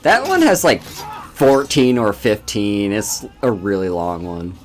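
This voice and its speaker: Lively male streamer chatting over a game. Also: on the low side, takes it slowly, faint music behind. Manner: animated, laughs often. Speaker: streamer host. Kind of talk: casual gaming chat.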